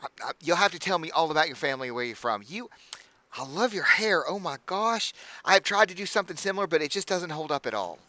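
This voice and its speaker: A doting halfling innkeeper woman who fusses over her guests, tripping over her words as she gushes. Her voice is lifted high and bright, a man doing her voice, and the sound is close and dry. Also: lively intonation, fast, dry recording. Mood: gushing. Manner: flustered, gushing, stammering.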